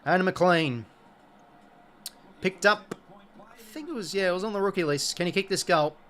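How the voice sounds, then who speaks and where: A man's voice: high voice, lively intonation, quick pace, a bit bright. A young Australian man hosting a live sports watch-along, chatting casually and reacting to the play. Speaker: live stream host.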